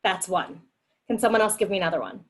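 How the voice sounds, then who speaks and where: A woman's voice: medium pitch, lively intonation, quick pace, slight background noise, poor audio. A woman leading a group discussion on empathy over a video call, upbeat and acting out quoted replies in a livelier voice. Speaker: meeting facilitator.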